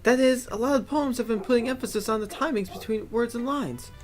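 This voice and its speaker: A man putting on a bright, confident schoolgirl club leader. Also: very high voice, brisk, faint music behind, pitched above the performer's own voice. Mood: upbeat. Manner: upbeat, advice-giving. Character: confident cheerful teen girl club president.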